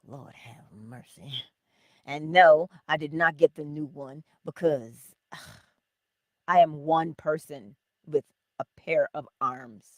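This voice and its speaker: A woman hosting a casual livestream, laughing often and greeting her viewers by name, calling them honey, with a lively and unhurried manner. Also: sits low, no room sound, studio quality. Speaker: livestream host.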